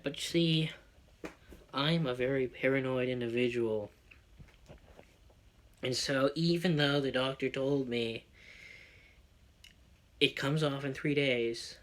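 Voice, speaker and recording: Male vlogger, excitable profane ranter, bright and fairly high voice. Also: normal speed. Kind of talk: personal rant monologue.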